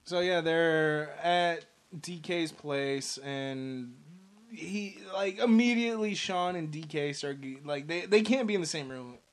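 High-voiced joking man. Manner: laughs often, swears freely, quick jokes. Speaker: podcast co-host. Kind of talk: casual movie recap chat.

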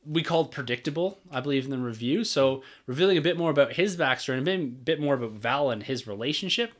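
Man, podcast co-host, medium pitch, conversational, relaxed. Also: fast talker. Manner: conversational, reads listener messages aloud. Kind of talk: casual chat.

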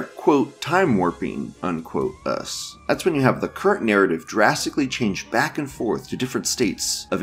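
A low-voiced man hosts a loose online commentary show, reading posts aloud and mocking them with frequent laughs. Faint music runs under his voice. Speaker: host. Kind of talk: casual online news commentary.

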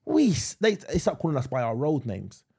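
Animated, husky-voiced man telling stories. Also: a little high, moderate pace. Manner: animated storyteller, acts out voices. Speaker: podcast co-host. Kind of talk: casual chat.

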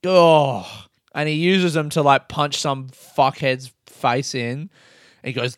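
A man's voice: a little high, fairly even intonation, takes it slowly, no room sound, clean studio sound. Sweary man ranting on a podcast. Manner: sweary, mocking, laughing often. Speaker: podcast host. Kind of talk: casual podcast movie rant.

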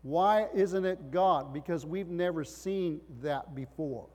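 A man's voice: on the high side, measured pace, darkish tone. A middle-aged man, a pastor, preaching a sermon with emphatic rising bursts and rhetorical questions. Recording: long hall reverb.

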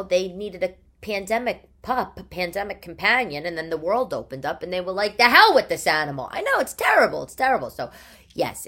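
A woman hosting her podcast, chatting in a chatty, animated monologue from her living room. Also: lowish voice, creaky. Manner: chatty and animated, with rhetorical questions. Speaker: podcast host. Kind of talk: casual monologue.

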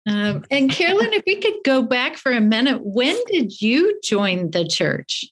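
Lively high-voiced woman interviewer. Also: measured pace. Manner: brief encouraging responses.

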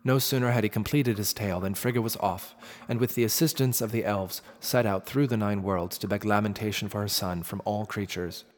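Deep-ish guy telling an old myth, dramatic and measured, echoey with soft music. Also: steady tone. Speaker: narrator. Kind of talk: scripted myth storytelling. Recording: long reverb with faint music.

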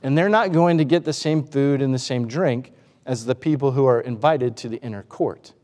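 A man's voice: medium pitch, normal speed, a little mellow, big-room sound. A man preaching a sermon, asking the congregation rhetorical questions and acting out the voices he quotes. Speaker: pastor.

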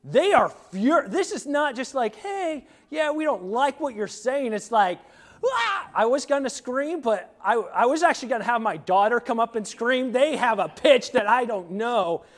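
Middle-aged pastor guy giving a sermon, kinda high voice, lots of um and like. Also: lively intonation, normal speed, few pauses. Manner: conversational preaching with many fillers and restarts.

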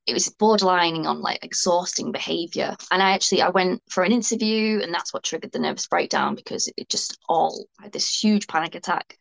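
Woman, creaky low voice, rambling and frank, interview guest. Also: brisk, few pauses, low-quality recording. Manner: frank, rambling, self-deprecating. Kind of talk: candid personal interview.

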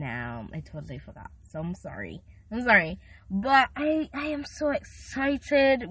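A teenage girl hosting a casual faith podcast, chatty and slangy as she encourages her listeners. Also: medium pitch. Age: teens. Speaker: podcast host. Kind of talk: casual devotional podcast talk.

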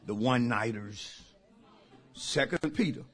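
A male pastor preaching a sermon, shouting out points and laughing along with his congregation. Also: medium pitch, expressive, a little slow.

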